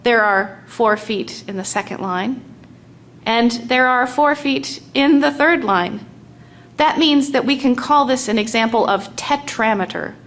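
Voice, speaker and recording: Slow, deliberate woman teaching a lesson. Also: on the high side, a bit bright. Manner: slow and deliberate, tapping out stresses aloud. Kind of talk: explaining poetic meter in a lesson.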